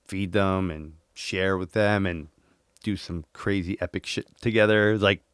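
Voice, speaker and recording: A man in his forties, a podcast guest, telling his story in a lively way and acting out his inner dialogue. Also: low voice, unhurried, smooth, no room sound, studio quality. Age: 40s. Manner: animated, acts out inner dialogue, swears casually.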